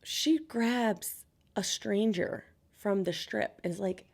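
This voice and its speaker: Chatty young woman with a creaky voice. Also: mid-range voice, slow pace. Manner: chatty, animated quoting of others. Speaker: beauty vlogger. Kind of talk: casual storytime chat.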